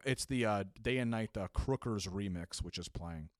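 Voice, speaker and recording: Young male storyteller, casual and animated, acts out voices, dead-dry recording. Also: lowish voice, normal speed, dry recording. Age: young adult. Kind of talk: comedic storytelling.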